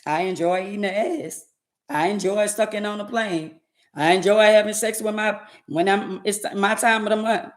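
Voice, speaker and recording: A woman's voice: medium pitch, steady tone, moderate pace, lightly acted. A woman mocking a shameless bragging woman. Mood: boastful. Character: crude woman bragging online, adult, shameless.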